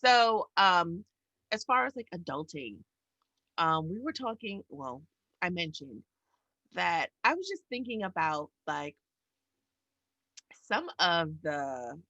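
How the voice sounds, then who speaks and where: A New York woman chatting on her podcast, animated and full of acted-out reactions. Her pitch leaps around freely and her voice sounds bright and forward. The sound is dry, with no room behind it. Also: takes it slowly, long pauses, dry recording, highs cut off. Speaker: podcast co-host. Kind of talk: casual podcast chat.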